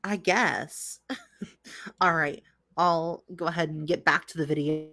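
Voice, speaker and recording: A woman hosts a casual reaction commentary, drawing out her exasperated complaints. She speaks slowly and in a fairly low register. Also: fairly even intonation, pushed and bright, a little hiss or hum. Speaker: host reacting to videos.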